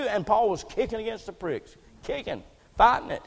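A man preaching a sermon in a church, fervent, repeating words and rising to shouts. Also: sits high, very animated, normal speed, vocal fry, in a large hall. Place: church sanctuary.

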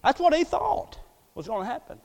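High-voiced preacher in a reverberant hall. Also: male voice, sing-song, brisk, vocal fry. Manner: folksy, joking, swings from soft asides to loud preaching. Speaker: pastor. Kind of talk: sermon.

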